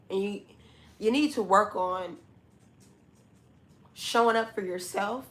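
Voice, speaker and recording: This zodiac tarot reading to camera comes from a woman with a mid-range, somewhat bright voice. Blunt and scolding, she speaks directly to the listener, repeats her points and uses casual slang.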